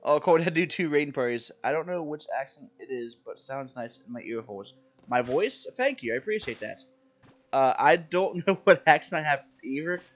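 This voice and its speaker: A man's voice: fairly high pitch, lively intonation, brisk. Chatty man streaming a game. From Maryland, USA. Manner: rambling, self-deprecating, chatty with viewers. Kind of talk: casual live-stream chat while playing.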